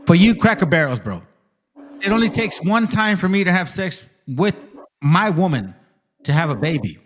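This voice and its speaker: A man's voice: sits high, sing-song, normal speed, a little hiss or hum. A man hosting a casual reaction commentary, ranting heatedly and swearing constantly. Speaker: stream host.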